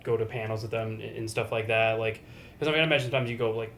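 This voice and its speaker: A man's voice: fairly low pitch, fairly even intonation, very fast, a bit bright, slight background noise. A man interviewing a guest at a fan convention, asking rambling, filler-heavy questions in an easygoing way. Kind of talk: casual interview chat.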